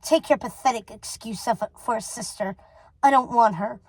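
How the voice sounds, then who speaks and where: A woman's voice: on the high side, moderate pace, darkish tone, no room sound, low-quality recording. A woman voicing a cold, possessive old witch mother who speaks with icy scorn, reading a storybook aloud. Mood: scornful. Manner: icy and scornful, then doting.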